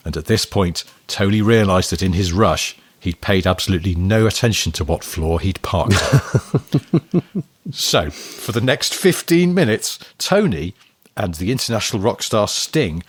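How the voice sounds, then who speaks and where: A man with a low voice co-hosts a casual podcast. He reads listener mail and tells stories in a chatty way, laughing often. The sound is dry and close to the mic. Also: expressive, measured pace, slightly rough, dry recording. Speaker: podcast co-host. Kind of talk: casual chat, reading listener emails.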